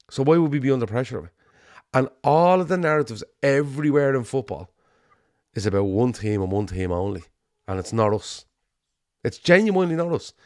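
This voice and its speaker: Sweary animated Liverpool man. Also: mid-range voice, no room sound, studio quality. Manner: animated, sweary, rambling with restarts. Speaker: podcast co-host. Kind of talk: casual football chat.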